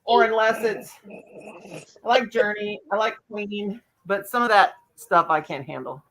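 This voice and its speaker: A woman's voice: mid-range voice, a little slow, a bit bright, low-quality recording. An older woman chatting casually as a host, laughing often and cooing baby talk to her dogs. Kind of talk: casual chat.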